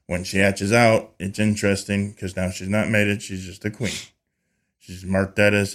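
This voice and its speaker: Low-voiced man telling an animated story. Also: moderate pace. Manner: animated, acts out quoted dialogue with lively voices; frequent restarts and repeated words. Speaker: podcast guest, beekeeper. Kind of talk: casual conversational storytelling.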